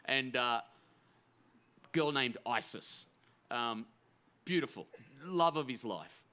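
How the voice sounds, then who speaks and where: A middle-aged man, an author telling a story on a festival stage, animated and emphatic, full of fillers and restarts. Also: medium pitch, takes it slowly. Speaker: author guest at a writers festival.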